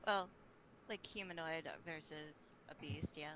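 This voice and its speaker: A woman's voice: deep voice, steady tone, measured pace, noisy background. A woman playing a tabletop role-playing game, asking hesitant questions and speaking as her warrior character. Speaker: player.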